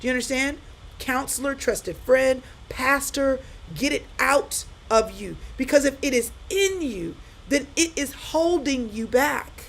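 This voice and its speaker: A woman's voice: high-pitched, a little slow, gravelly, fairly bright tone, rough recording. A middle-aged woman giving a live-stream pep talk to viewers, repeating her points with emphasis and speaking straight to them.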